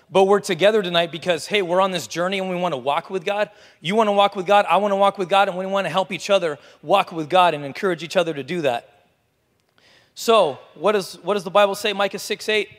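A man's voice: high voice, quick pace, fairly bright tone. A man preaching a sermon in a casual, chatty way, with offhand asides. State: out of breath. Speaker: pastor. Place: church hall. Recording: hall reverb.

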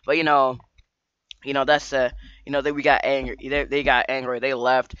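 A male vlogger rambles through a story, filling it with slang and repeated restarts. His voice is bright and clean, with a sharp edge. The recording sounds dry and a little dull, like lo-fi audio. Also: medium pitch, little pitch movement, moderate pace, clean tone, no echo. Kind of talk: casual storytime vlog.

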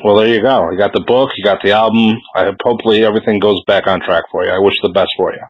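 A man's voice: lowish voice, steady tone, fast talker, dry recording. A man interviewing a guest, speaking hesitantly and sympathetically with many fillers. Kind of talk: phone interview. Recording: dull lo-fi dry sound.

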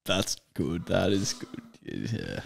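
Slow, gravelly deep-voiced man. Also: big pitch swings, a little hiss or hum. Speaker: comedy joke teller. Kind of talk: casual joke telling among friends.

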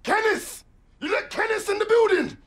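An actor playing a furious, swaggering young London gangster who shouts threats and mocking laughs, over film score music. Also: male voice, extremely high pitch, moderate pace. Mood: raging. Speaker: block gang boss.

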